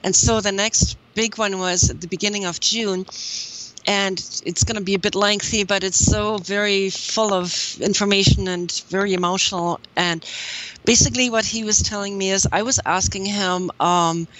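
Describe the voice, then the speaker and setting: A woman's voice: medium pitch, steady tone, normal speed, a bit bright, low-quality recording. A woman guest on an interview show, earnestly recounting a personal spiritual story in a rambling way, with many "you know"s and "um"s.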